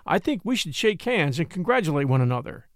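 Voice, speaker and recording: A man reading an audiobook, voicing a spirited, excitable young woman who gushes and teases sweetly. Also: a little high, a little fast, no echo, studio quality. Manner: breathless, gushing, sweetly teasing.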